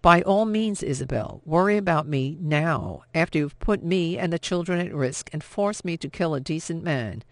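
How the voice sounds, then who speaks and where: A shaken, bitter mother with a clipped, sharp delivery, as a male narrator reads her. The voice sits a touch high and carries a gravelly edge. The recording is close and dry. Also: animated, moderate pace, hardly any pauses, no echo.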